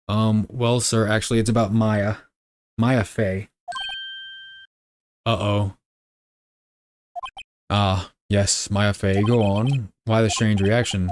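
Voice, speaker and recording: A man's voice: lowish voice, little pitch movement, takes it slowly, pauses often, a little hiss or hum. A young man streaming a game live, reading the dialogue aloud and cracking crude jokes. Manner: joking, crude asides.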